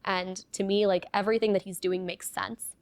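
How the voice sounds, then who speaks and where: A young woman speaks as an interview guest, her voice carrying a gravelly fry. She tells her story earnestly, with many fillers of "like", recorded close and dry. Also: medium pitch, flat delivery, a little fast, no room sound. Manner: earnest, fillers of "like", reenacts dialogue. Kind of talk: personal storytelling in conversation.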